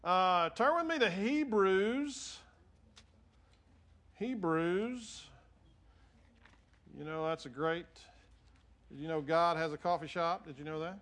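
A male pastor speaks to his church congregation in a folksy, joking, conversational way. His voice sits high for a man, and he talks in loose phrases full of fillers. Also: normal speed, a bit bright. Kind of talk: sermon. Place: church sanctuary.

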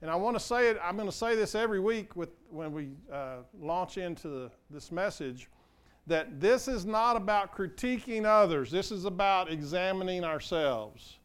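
A man's voice: sits high, animated, normal speed, clean tone. An older man preaching a sermon as pastor, earnest and conversational, often asking the congregation questions.

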